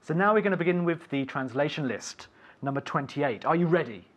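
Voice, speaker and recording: A man teaching an English lesson on the radio, saying words slowly and clearly and having his student repeat them. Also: fairly high pitch, expressive. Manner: slow, clear teacher drilling words for repetition.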